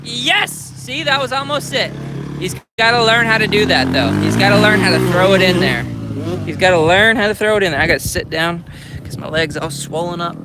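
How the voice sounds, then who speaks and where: A man with a high, gravelly voice swinging wildly up and down as he coaches a rider, blunt and urgent one moment, whooping the next. He talks into a handheld phone at an outdoor motocross track, and loud motorcycle engines roar behind him. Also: wildly swooping pitch, brisk, very noisy. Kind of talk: live-streamed riding coaching.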